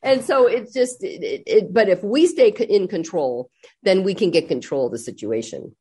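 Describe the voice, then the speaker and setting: An older woman chatting as a guest on a talk show. She tells family stories in an animated way and acts out the voices of the people in them. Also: on the low side, moderate pace, husky. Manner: animated storyteller acting out quotes. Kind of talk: casual chat.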